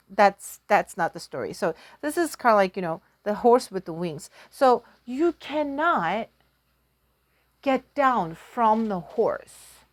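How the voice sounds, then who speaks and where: A woman's voice: a little high, no echo. A woman, a teacher retelling a folktale in a casual, giggly, self-deprecating way while she draws. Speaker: language teacher. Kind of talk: casual storytelling lesson.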